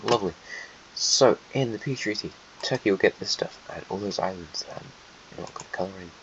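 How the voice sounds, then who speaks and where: A man's voice: lowish voice, brisk, highs cut off, a little hiss or hum. A man narrating an alternate history map video in a casual, offhand way, with sarcastic asides and muttering while he draws.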